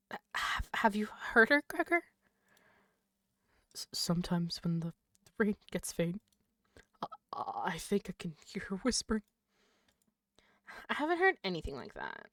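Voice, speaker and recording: A woman streamer reads game text aloud in a hushed tone, then bursts into loud, swearing reactions. Her higher voice jumps all over its range. The sound is close and dry, with no room around it. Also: no room sound. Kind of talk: live gameplay commentary, reading game text aloud.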